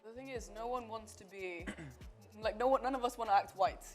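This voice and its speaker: Fast-talking young woman in discussion. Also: on the high side, music in the background. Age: young adult. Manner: fast and animated, heavy use of "like". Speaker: panel cast member. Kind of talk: casual discussion.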